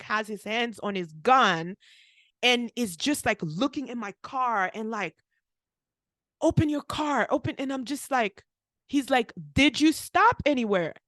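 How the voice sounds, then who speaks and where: This young pharmacist co-hosts a podcast and tells her story casually in a slightly high voice, recorded dry. She's animated, often says "like," and performs the things people said.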